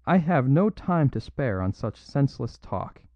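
An impatient, logic-bound doctor of a storybook, firing sharp questions with rising exasperation, as a male narrator puts him on. The sound is dull and dry. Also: medium pitch, very animated, a little slow, no echo, voice pushed up. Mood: exasperated.

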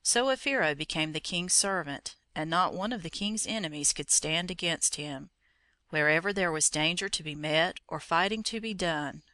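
Measured storybook reader, crisp bright tone, close dry recording. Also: medium pitch, dry recording. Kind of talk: storybook narration.

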